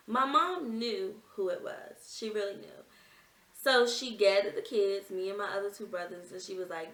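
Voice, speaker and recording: A woman's voice: a little high, moderate pace, a bit bright, recorded from a distance. A young woman vlogger earnestly telling a personal story in a conversational, emotional way. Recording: echoey room, off-mic.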